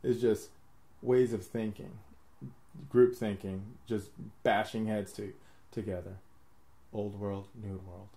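A man with a fairly low, soft, mellow voice hosts a casual podcast conversation. He rambles from one idea to the next, laughs often at himself and swears freely. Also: level tone, slow, pauses often. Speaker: podcast host. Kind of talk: casual chat.

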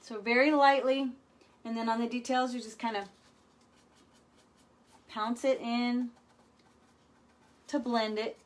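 A woman with a fairly high voice leads a live furniture painting demo. She is chatty and playful, and she keeps checking in with her viewers. Her delivery is relaxed and conversational as she explains each step. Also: slow, pauses often.

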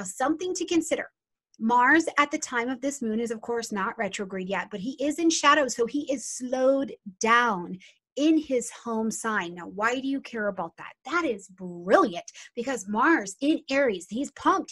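A woman giving a lively astrology reading, talking straight to her viewers and often asking them questions. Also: a little high. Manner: animated, addresses viewers as "you guys". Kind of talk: casual astrology talk to viewers.

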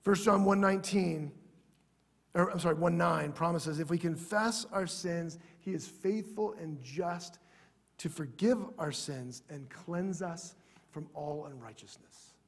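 A male pastor preaches in a church, his voice pitched high with a husky grain. He talks earnestly and often sinks to a hushed, prayerful tone. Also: measured pace. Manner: earnest, drops to soft prayerful tones. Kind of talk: sermon.

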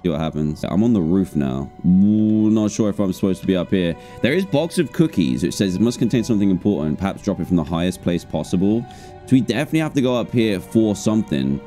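A man's voice: low-pitched, animated, fast talker, mellow, faint music behind. A man giving jokey, jumpy commentary while playing a horror game live. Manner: jokey, jumpy, talks to himself. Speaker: gaming streamer.

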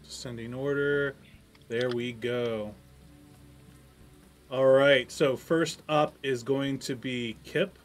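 A man running an online tabletop game as game master, giving brisk, organizing instructions to the players. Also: medium pitch, steady tone.

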